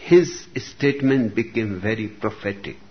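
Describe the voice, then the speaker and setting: A man giving a slow, reflective spiritual discourse, speaking deliberately with long pauses between phrases. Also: fairly low pitch. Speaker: spiritual teacher. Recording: dull lo-fi recording with faint room noise.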